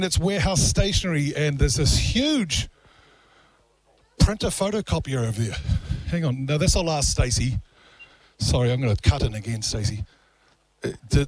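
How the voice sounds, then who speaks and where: A man's voice: medium pitch, a little fast, darkish tone, breathy edge. A man with a New Zealand accent hosting a live outside radio broadcast, chatty and joking, laughing often.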